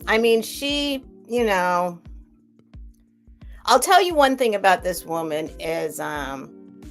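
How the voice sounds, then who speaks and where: A woman's voice: mid-range voice, sing-song, slow, soft background music. Rambling middle-aged woman chatting to viewers. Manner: rambling, candid, answering chat by name. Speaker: live-stream seller. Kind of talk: casual chat with live chat viewers.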